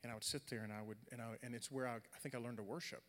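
A young adult man preaching a sermon, swinging from loud, animated storytelling to quiet, earnest talk. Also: mid-range voice, rapid-fire. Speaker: pastor. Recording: long hall reverb.

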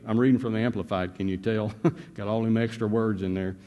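A man's voice: on the low side, steady tone, fairly quick, highs cut off. Older man preaching in an echoey hall. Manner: folksy storytelling, swings from soft asides to loud exhortation. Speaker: pastor. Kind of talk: sermon.

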